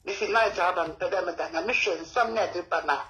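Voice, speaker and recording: A woman's voice: lowish voice, fast, a bit bright, poor audio. A woman calling in to an advice show, rambling through her story in broken English. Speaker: caller. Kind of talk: phone-in conversation.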